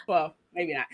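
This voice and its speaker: A woman's voice: low voice, highs cut off. A woman hosting a casual chat podcast, chatty and self-mocking, often breaking into laughter. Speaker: podcast host.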